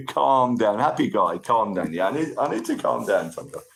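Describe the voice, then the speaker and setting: A man from the UK with a British accent, hosting a livestream and chatting casually through viewer comments, upbeat and a bit overexcited, his voice croaky. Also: mid-range voice, big pitch swings, normal speed, a bit bright, a little hiss or hum. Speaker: livestream host.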